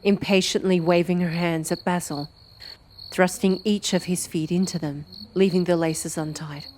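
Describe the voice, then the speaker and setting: A woman narrating a fantasy audiobook with an expressive storytelling delivery. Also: lowish voice, moderate pace, slight background noise. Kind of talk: scripted narration.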